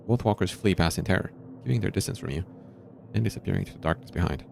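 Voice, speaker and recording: A man's voice: deep voice, fast talker, gravelly, a little mellow, a little hiss or hum. A man streaming a narrative game, reading the story aloud and making casual asides in between.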